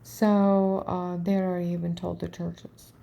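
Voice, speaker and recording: A woman's voice: fairly low pitch, level tone, normal speed, creaky, mellow, lo-fi sound, a little hiss or hum. A woman telling a personal story in a rambling, emphatic way, often dropping to a whisper. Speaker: storyteller recounting events.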